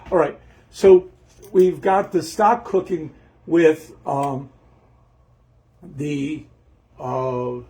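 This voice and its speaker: A man's voice: on the high side, creaky, mellow, a little hiss or hum. Rambling man cooking in a kitchen. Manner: rambling, talks to himself while cooking, forgets steps. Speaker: home cook hosting a cooking show. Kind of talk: casual cooking demonstration. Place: home kitchen.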